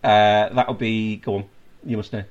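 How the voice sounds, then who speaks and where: A man's voice: lowish voice, flat delivery, unhurried, highs cut off. A man in his forties hosting a podcast, chatty and teasing, with plenty of filler uhs. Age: 40s. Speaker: podcast host. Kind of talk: casual chat.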